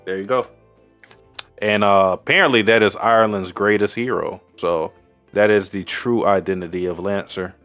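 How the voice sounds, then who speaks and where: A man with a fairly low voice talks through an anime recap in loose podcast chat. He rambles, drops crude jokes and fills gaps with "uh" and "um", with faint music under him. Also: moderate pace, fairly bright tone. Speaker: podcast co-host.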